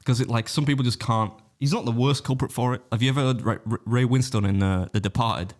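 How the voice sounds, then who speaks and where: A man talks quickly in a middle-pitched voice, joking and teasing his co-host. It is loose, casual podcast banter. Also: fairly even intonation.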